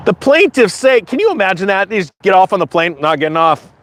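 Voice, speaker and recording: Sarcastic male commentary host, high and animated, slips into mocking voices. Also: fast.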